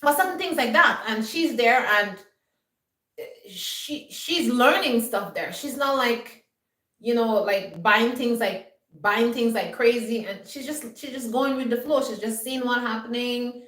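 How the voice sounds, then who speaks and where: A woman vlogger lectures her viewers in an emphatic, scolding way, often asking "you understand?". Her voice sits a little high and sounds roomy and somewhat distant from the mic. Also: unhurried, fairly bright tone. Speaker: homestead vlogger. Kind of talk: lecturing monologue.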